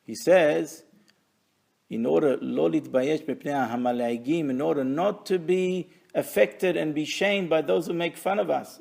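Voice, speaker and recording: A man's voice: a little high, measured pace, vocal fry, darkish tone. A man teaching a Torah lesson, reading Hebrew phrases and translating and explaining them with wry asides.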